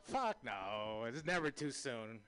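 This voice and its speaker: Crude, bright-voiced stand-up comic man. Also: medium pitch, very animated, slow, clean tone. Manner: crude, self-mocking, swings to loud shouting. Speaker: stand-up comedian. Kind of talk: stand-up comedy set.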